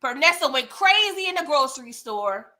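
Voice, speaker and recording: A woman hosting a casual live-stream TV recap, animated and laughing as she talks back to the characters. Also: high voice, moderate pace. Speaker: TV recap host.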